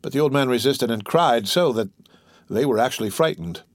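Steady male audiobook narrator, dry sound. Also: medium pitch, a little fast, no echo.

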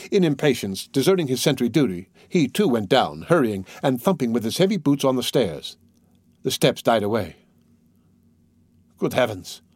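A man narrating a classic novel in a steady, measured storytelling manner. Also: medium pitch, dry recording. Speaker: audiobook narrator. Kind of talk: scripted narration.

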